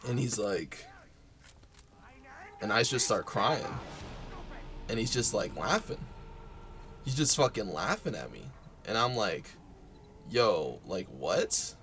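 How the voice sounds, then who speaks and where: Low-voiced young man, halting and profane. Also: big pitch swings, pushed and bright, a little hiss or hum. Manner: halting, full of fillers and swearing. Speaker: vlogger. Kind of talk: unscripted personal talk.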